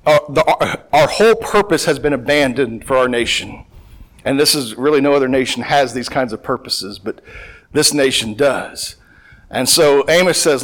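A man preaching a Bible lesson, his voice sitting in an ordinary middle pitch. He reads verses aloud, then retells them in loose, repetitive everyday talk. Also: lively intonation, normal speed, fairly bright tone. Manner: conversational, paraphrasing scripture in plain talk with repetitions. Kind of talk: Bible teaching sermon.

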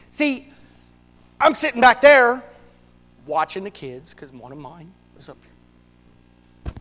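A man preaching a sermon to his church, swinging from loud bursts to hushed asides. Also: extremely high pitch, big-room sound, poor audio. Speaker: pastor.

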